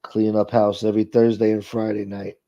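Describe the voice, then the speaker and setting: This middle-aged host reads his live stream chat and chats back casually, swearing freely. His voice is lowish and dark-toned, steady, at a normal speed. Audio quality is dull and lo-fi.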